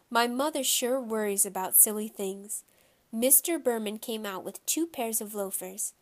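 A woman reading a children's novel aloud in a steady storytelling voice. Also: medium pitch. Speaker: audiobook reader.

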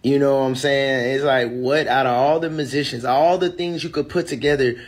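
Male co-host, dismissive and chatty, mid-pitched voice. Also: steady tone, normal speed. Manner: dismissive, conversational. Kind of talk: casual reaction chat.

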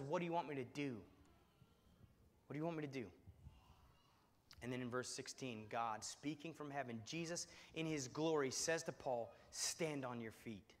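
A pastor preaching a sermon to his church, dropping to a hush on quoted words and rising loud on emphasis. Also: mid-range voice, expressive, moderate pace. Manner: swings from hushed, soft quoting to loud, soaring emphasis. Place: church sanctuary. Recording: long hall reverb.

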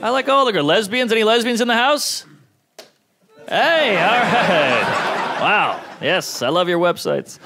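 Man in his 30s, stand-up comic, lively up-and-down delivery, live club audio with audience noise. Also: high-pitched. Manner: deadpan one-liners with quick acted-out quotes. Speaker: stand-up comedian. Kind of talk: stand-up comedy set. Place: comedy club stage. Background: audience laughing.

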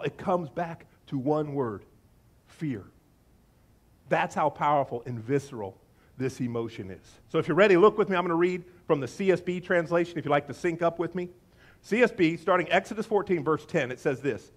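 A male pastor delivers a lively sermon in a high, bright voice. He jokes with his listeners and acts out the scripture he reads, shifting from playful teasing to earnest emphasis. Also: normal speed. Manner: animated, joking with the congregation, reads scripture aloud with acted voices.

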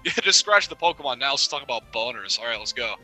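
A man's voice: medium pitch, animated, fast, pushed and bright, faint music behind, rough recording. A young man co-hosting a casual gaming let's play, chatty and teasing, often laughing. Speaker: co-host.

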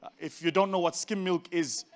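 A man with a South African accent telling a humorous story to a live audience in an animated, joking, conversational way. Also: sits high, fairly quick.

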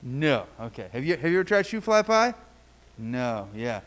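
A man's voice: medium pitch, sing-song, normal speed. A man leading a children's story in church, playfully asking the kids questions and telling a story. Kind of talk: children's sermon. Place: church sanctuary.

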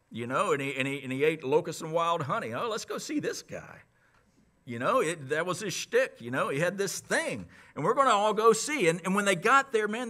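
Male pastor, conversational sermon delivery, bright tense tone, slightly higher voice. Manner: conversational, animated Bible teaching with many restarts.

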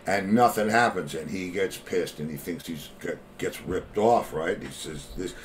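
An older man hosts a relaxed conversation, telling long stories in a loose, rambling way. He laughs through his stories, and a faint background hiss sits under his voice. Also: deep voice, a little slow. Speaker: podcast host. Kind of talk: casual storytelling chat.

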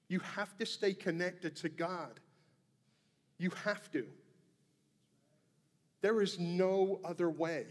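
A man preaching with real conviction, his voice sitting high for a man. He lands each point slowly and deliberately. His words hang in the long echo of a church hall. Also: slightly rough. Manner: earnest, emphatic preaching with repeated phrases. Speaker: pastor. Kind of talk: sermon. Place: church sanctuary.

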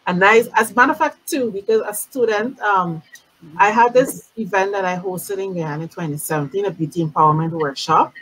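A woman's voice: mid-range voice, fairly quick, breathy edge, poor audio. A woman hosting a casual live-stream chat, chatty and full of fillers, heard over a video call. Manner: chatty, warm sign-offs with many fillers. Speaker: host.

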